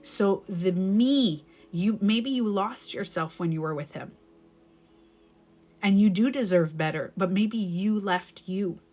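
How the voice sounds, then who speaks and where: A woman's voice: mid-range voice, takes it slowly, a little mellow, soft background music. A woman coaching viewers on a live stream, talking casually and repeating her points to encourage them. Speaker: breakup and self-love coach.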